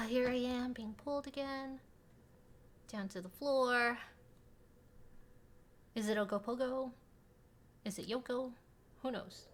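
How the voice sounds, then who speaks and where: A woman streaming a horror game, reading the dialogue aloud and reacting dramatically. She swings between hushed whispers and sudden yelps. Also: fairly high pitch, fairly even intonation, takes it slowly, pauses often, faint music behind.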